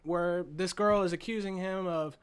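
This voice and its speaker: High-voiced man excitedly recapping a movie. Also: normal speed, smooth. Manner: profane, excited, rambling storyteller. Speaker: movie reviewer. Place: at a desk.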